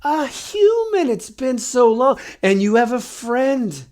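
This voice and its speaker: A man's voice: very high voice, sing-song, slow pace, darkish tone, voice pushed up, heavily acted. A man voicing a tall, mummified old embalmer who is polite, particular and airy. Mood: fussy, curious.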